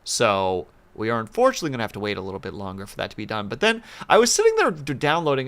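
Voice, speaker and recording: Animated rambling male streamer. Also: medium pitch, rapid-fire, few pauses. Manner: rambling, animated, playful asides. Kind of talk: casual stream chat.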